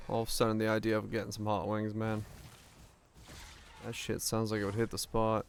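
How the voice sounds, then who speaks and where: A man's voice: fairly low pitch, completely flat delivery, brisk, creaky, slight background noise. A man streaming a game, chatting casually and rambling between jokes. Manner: rambling, joking, laughs often. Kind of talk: casual gameplay chat.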